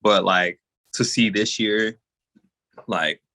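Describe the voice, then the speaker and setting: A man's voice: on the low side, steady tone, slow, bright, forceful tone. A man from East Texas, a singer-songwriter guest, chatting in a laid-back way that often trails off. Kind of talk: casual interview chat.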